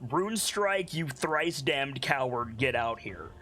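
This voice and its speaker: Man voicing a gruff drunk Goliath clansman, blustering, animated. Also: mid-range voice, slow, faint music behind. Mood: defiant. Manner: loud, blustering, brash.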